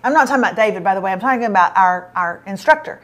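A woman's voice: medium pitch, expressive, racing, fairly bright tone, lo-fi sound. A middle-aged woman, hosting a show and telling a self-mocking story in casual chat. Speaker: show host.

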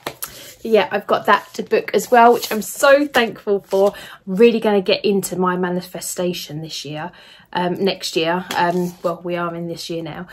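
A woman's voice: on the low side, steady tone, normal speed, slight background noise. A young woman chatting casually and gushing over her gifts in a haul video. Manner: gushing, enthusiastic, chatty with fillers. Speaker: vlogger. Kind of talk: casual gift haul chat.

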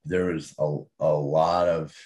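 A man talking as an interview guest and author, emphatic and animated, often tagging his points with "right?". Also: rumbling low, takes it slowly, dull audio. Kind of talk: casual interview talk.

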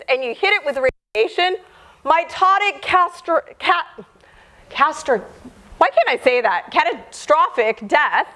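Chatty, animated woman lecturer. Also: high voice. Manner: chatty and animated, acts out quoted dialogue. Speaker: biologist giving a public talk. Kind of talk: informal lecture.

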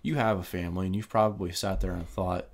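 A man's voice: low-pitched, fairly even intonation, fast talker, gravelly, darkish tone. A man co-hosting a podcast, talking bluntly and passionately in a casual rant. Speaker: podcast co-host. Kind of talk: casual ranting chat.

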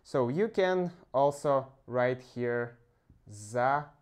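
A male language teacher talks through a pronunciation lesson at an unhurried, drawn-out pace. His English halts often on "uh" as he searches for words, in a mid-pitched voice. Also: lively intonation. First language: Russian. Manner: slow, halting explanations with frequent "uh" pauses.

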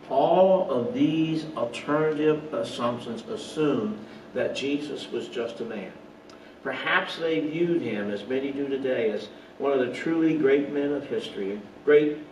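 A male pastor delivers an online Bible study sermon in a medium-pitched voice, with a little hiss or hum on the track. He preaches earnestly, posing rhetorical questions and making some slips and asides. The recording was made from a distance in a roomy space with faint ambience.

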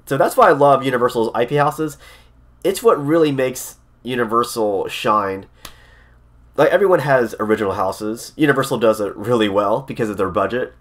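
A man vlogging casually to camera, excitable and rambling, often repeating himself and restarting sentences. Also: medium pitch, moderate pace. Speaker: theme park vlogger. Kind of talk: casual vlog talk to camera.

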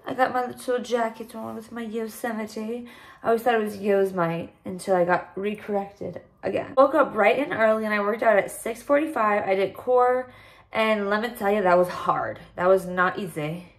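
A woman's voice: medium pitch, normal speed. A young woman chatting casually to the camera for her vlog, bubbly and rambling. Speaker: vlogger.

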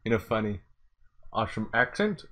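A man's voice: on the low side, very animated, normal speed, fairly bright tone. A man hosting a casual reaction vlog, playful and laughing often, sometimes slipping into silly voices. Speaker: YouTuber host.

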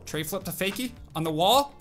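A young man giving excited, animated commentary on his own gameplay, calling out tricks and reacting aloud. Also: high-pitched, fairly quick, faint music behind. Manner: animated, exclaims and narrates tricks to himself. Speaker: gaming video host.

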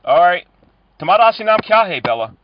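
A man making prank phone calls, delivering cheesy pick-up lines in a deadpan way. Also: high voice, fast, dull audio. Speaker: prank caller.

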